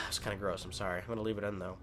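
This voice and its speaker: A man's voice: on the low side, level tone, racing, fairly bright tone, slight background noise. A man doing casual gameplay commentary at home, rambling with many fillers and swearing freely as he tells a story. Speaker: gaming commentator.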